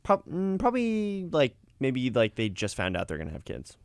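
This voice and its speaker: A man's voice: medium pitch, huge pitch swings, moderate pace, gravelly, no echo, studio quality. A young man co-hosting a podcast in casual chat, with a laid-back, chatty way of talking. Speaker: podcast co-host.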